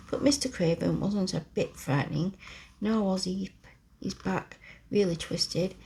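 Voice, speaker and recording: A woman reading a classic children's story aloud in a slow, soft whisper, a whispered role-play for relaxation, close to the microphone. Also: fairly low pitch, gravelly, a little hiss or hum. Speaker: ASMR storyteller.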